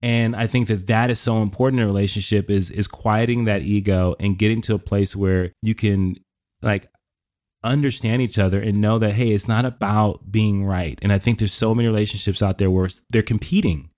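A man's voice: on the low side, fairly even intonation, brisk, a little mellow. A middle-aged man co-hosting a podcast, talking reflectively in long, winding sentences with frequent restarts. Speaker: podcast co-host. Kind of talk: casual podcast conversation.

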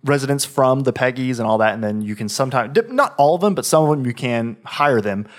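A man's voice: medium pitch, lively intonation, fast. A man in casual chat, describing a video game eagerly, often restarting his sentences. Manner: rambling, self-correcting, enthusiastic.

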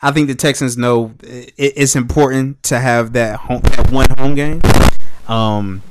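A man's voice: mid-range voice, steady tone, unhurried, very noisy. Laid-back man giving picks. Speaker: podcast co-host. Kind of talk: casual sports talk.

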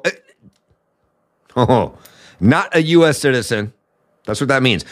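A man's voice: medium pitch, expressive, a little slow, pauses often. A man from the United States hosting a political commentary show, ranting with anger and profanity. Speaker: podcast host.

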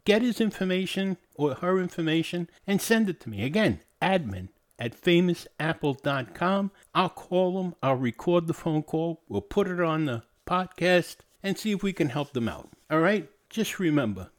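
A male podcast host talks straight to his listeners. His pitch rises and falls widely as he stacks up rhetorical questions. He drops in jokey asides as he goes. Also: very animated, normal speed, hardly any pauses. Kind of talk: monologue podcast.

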